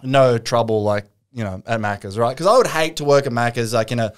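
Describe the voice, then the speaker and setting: An Australian man with a smooth, resonant mid-range voice. He rambles through anecdotes with lots of fillers and casual swearing, hosting a relaxed podcast chat. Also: mid-range voice, fairly quick.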